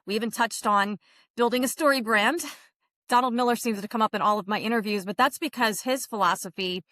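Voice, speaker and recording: A woman's voice: a little high, a little fast, a bit bright, dry recording. Woman podcast host, enthusiastic and chatty, dry close mic. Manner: chatty, enthusiastic, laughs at herself. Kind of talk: podcast intro monologue.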